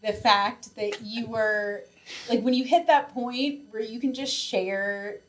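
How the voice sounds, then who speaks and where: Podcast guest, woman, slightly high voice, easygoing and quick to laugh. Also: steady tone, low-quality recording. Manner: chatty, laughs easily. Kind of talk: casual conversation.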